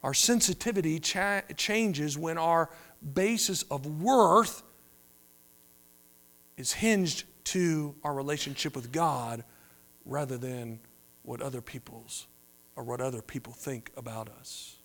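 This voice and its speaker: A man preaching a sermon, moving between quiet, drawn-out phrases and louder emphatic ones. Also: a little high. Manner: preaching with wide swings between soft and loud. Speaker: pastor.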